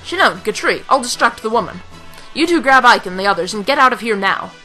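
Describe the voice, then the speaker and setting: A woman reading the lines of a gruff, older male mercenary commander in a blunt, commanding way. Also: on the high side, expressive, brisk, sharp tone, soft background music, low-quality recording.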